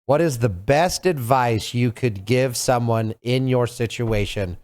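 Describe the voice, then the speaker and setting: A man's voice: medium pitch, measured pace, darkish tone. A man hosting a casual podcast, talking earnestly and reflectively, giving heartfelt advice over a video call. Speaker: podcast host.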